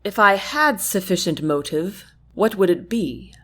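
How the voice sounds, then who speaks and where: A woman voicing a calm, kind young prince in an audiobook, speaking softly and earnestly. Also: medium pitch, unhurried. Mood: gentle. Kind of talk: audiobook character reading.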